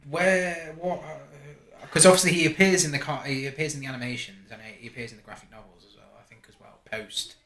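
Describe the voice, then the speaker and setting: A man hosts a casual film podcast. His voice is bright and forward, and his delivery is animated and rambling, full of restarts. It all sits in a roomy, echoey space. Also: fairly high pitch, a little fast, few pauses. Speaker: podcast host.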